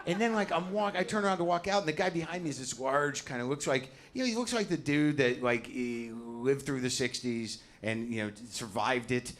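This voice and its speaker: A middle-aged man doing a stand-up set on a comedy club stage, ranting and mocking himself with lots of swearing and shouted punchlines. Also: mid-range voice, a little fast, hardly any pauses. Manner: ranting, self-deprecating, profane, rising to shouts on punchlines. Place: comedy club stage before a live audience. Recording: live show with loud crowd laughter. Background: audience laughter.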